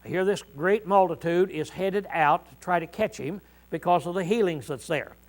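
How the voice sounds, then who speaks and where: A middle-aged male preacher teaching a congregation in a folksy, conversational way, often clearing his throat and pausing with "uh". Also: high voice, rough recording. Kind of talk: informal Bible teaching to a congregation.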